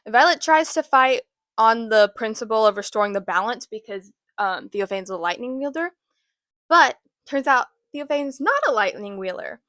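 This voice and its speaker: Chatty woman with a fairly high voice. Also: lively intonation, normal speed, fairly bright tone, no room sound. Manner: chatty, swears, fillers like "um" and "like". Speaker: book vlogger. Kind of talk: casual book recap.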